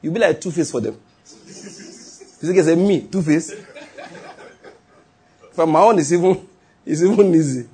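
A man's voice: a little high, normal speed, long pauses, mellow, breathy edge. A man preaching a sermon, repeating lines and chuckling as he tells stories. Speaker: pastor.

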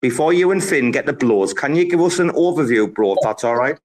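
A man's voice: medium pitch, lively intonation, brisk, darkish tone. Boisterous swearing man hosting a chat. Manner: boisterous, swearing, laughing often. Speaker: host. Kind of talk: casual live audio chat.

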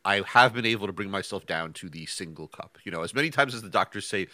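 A man's voice: deep voice, animated, quick pace, few pauses, pushed and bright, dry recording. A man co-hosting a podcast in casual chat from his home office, talking with stammering restarts and self-deprecating chuckles. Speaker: podcast co-host.

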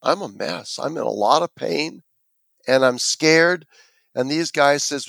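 Animated male storyteller, dry close sound. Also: a little high, unhurried, creaky, no room sound. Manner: animated storyteller, acts out quoted voices. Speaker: interview guest.

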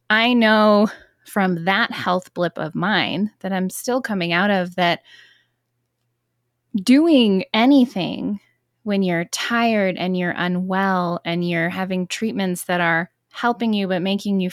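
A woman's voice: medium pitch, no room sound, clean studio sound. A woman hosting a podcast, reflecting on her own experience before asking her guest a question. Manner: reflective, thinks aloud with restarts before asking. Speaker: podcast host. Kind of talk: interview conversation.

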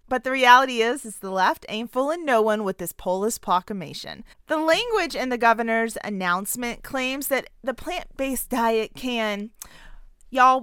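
A Southern woman gives a sarcastic, punchy opinion commentary in a bright, crisp voice. She sits fairly high for a woman, and the recording is dry and close. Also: no room sound. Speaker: political commentator.

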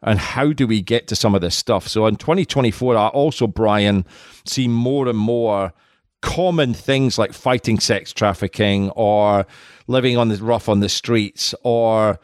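A man's voice: on the low side, unhurried, no echo, clean studio sound. A man from Scotland co-hosting a podcast, chatting casually and joking. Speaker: podcast co-host. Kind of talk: casual chat.

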